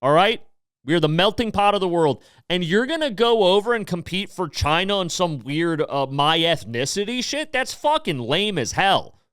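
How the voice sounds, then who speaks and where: Male podcast host, clear resonant voice, animated pitch, profane heated rants. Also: normal speed, no echo, clean studio sound. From United States. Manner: sarcastic. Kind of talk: casual podcast monologue.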